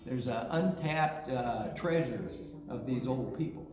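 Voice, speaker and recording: A man's voice: medium pitch, a little slow. Joking man in an echoey room. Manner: joking, builds to a punchline. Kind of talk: casual storytelling chat. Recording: echoey room, far from mic, noisy.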